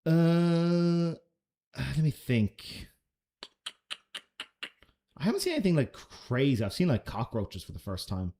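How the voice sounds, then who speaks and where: A man's voice: a little high, very animated, slow, pauses often, warm tone. Laid-back Irish man chatting. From Ireland. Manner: laid-back, chatty, swears casually, laughs often. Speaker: streamer answering chat questions. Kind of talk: casual live-stream Q&A.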